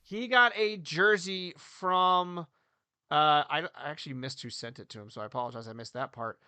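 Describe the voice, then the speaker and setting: A man in his thirties co-hosting a casual hockey podcast, joking and animated, swinging between loud bursts and quiet asides. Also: fairly high pitch, moderate pace, clear, resonant tone, dry recording. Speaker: podcast co-host, hockey coach. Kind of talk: casual sports podcast chat.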